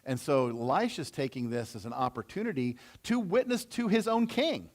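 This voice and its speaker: A man's voice: mid-range voice, lively intonation, moderate pace. A male pastor teaching through a Bible passage in a conversational way, retelling it in casual everyday slang.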